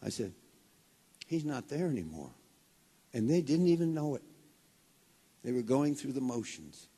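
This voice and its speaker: A man's voice: medium pitch, big pitch swings, slightly rough. A man preaching a sermon as pastor of a congregation, with a fervent, rising delivery. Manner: starts hushed and slow, builds to loud fervent preaching. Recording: long hall reverb.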